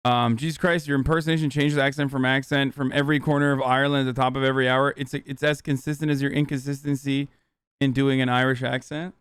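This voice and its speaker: A man's voice: medium pitch, level tone, fast talker, a bit bright, clear, resonant tone, dry recording. A man hosting a live stream, talking in a brash, sarcastic way with plenty of swearing. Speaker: streamer host. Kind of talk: casual live-stream chat.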